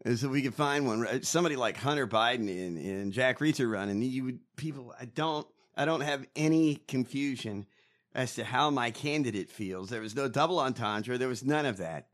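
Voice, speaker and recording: A man's voice: mid-range voice, normal speed. A man in casual political podcast chat, mocking and ranting with lots of swearing. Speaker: podcast co-host.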